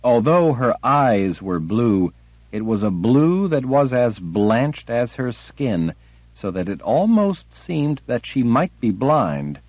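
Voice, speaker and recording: A man narrating a fantasy audiobook slowly and expressively. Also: mid-range voice, sing-song, dry recording, muffled recording. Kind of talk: scripted narration.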